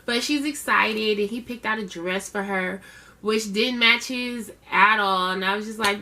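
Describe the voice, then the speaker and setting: Casting note: woman reviewer, bright, forceful voice, a bit high, sassy and slangy. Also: normal speed. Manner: chatty, sassy, slangy asides. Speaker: reality show reviewer. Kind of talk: casual recap commentary.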